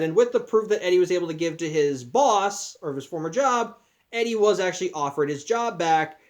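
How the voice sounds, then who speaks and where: A man casually recapping a film plot, talking in a loose, chatty way with many restarts and asides. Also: on the high side. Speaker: podcast host.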